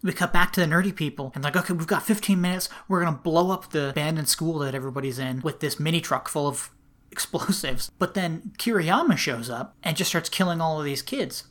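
Retelling a movie's plot in a casual podcast chat, this co-host speaks a little fast in a slightly high, fairly bright voice. His storytelling is chatty, full of laughter and frequent "like"s.

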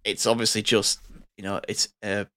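A man's voice: lowish voice, flat delivery, moderate pace, bright, forceful tone, no room sound. A man reminiscing in a casual podcast chat, rambling and enthusiastic. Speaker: podcast co-host.

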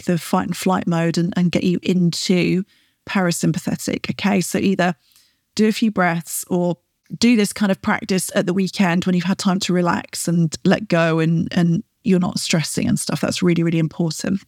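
A woman podcast host coaching her listeners, guiding them through slow breaths and encouraging them often with a quick "right?". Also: medium pitch, darkish tone, no echo, clean studio sound. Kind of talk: coaching talk with guided breathing.

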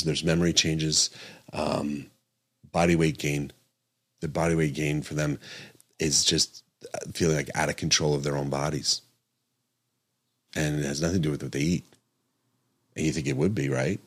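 A middle-aged doctor hosts a podcast monologue in an extremely deep, low voice that still carries a fairly bright, slightly rough tone. He talks earnestly and with emphasis, looping back to repeat key points and correcting himself mid-thought.

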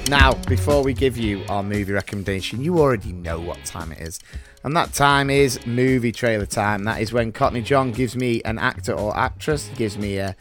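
A man's voice: lowish voice, normal speed, music in the background. A middle-aged man hosting a podcast, jokey and upbeat, with a presenter's delivery. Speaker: podcast host. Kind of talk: casual chat, show hosting.

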